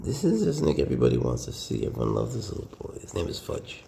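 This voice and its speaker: A low, dark-toned man with a heavily gravelly voice talks casually to camera as a snake keeper. He coos baby talk and often sinks into a whisper. Between those moments he gives handling advice in an easy, conversational way. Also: huge pitch swings, quick pace, few pauses, roomy sound, slight background noise.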